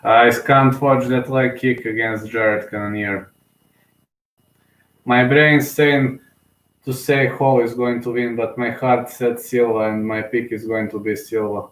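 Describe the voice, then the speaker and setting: A man's voice: mid-range voice, level tone, a little slow, a bit bright. Emotional man with an echoey voice. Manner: emotional, rambling, many fillers and restarts. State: sleepy. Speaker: live fight commentator. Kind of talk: casual solo live commentary.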